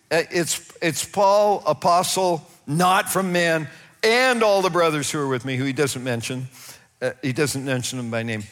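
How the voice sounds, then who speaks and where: A man preaching a sermon, telling the story with lively acted-out voices and frequent laughs. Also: fairly high pitch, big-room sound. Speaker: pastor.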